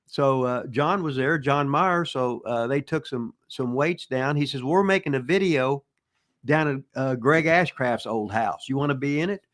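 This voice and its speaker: A man's voice: mid-range voice, normal speed, a bit bright. An older man tells rambling, profane wrestling stories, full of restarts and folksy asides. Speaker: retired pro wrestler answering listener questions. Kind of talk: casual storytelling chat.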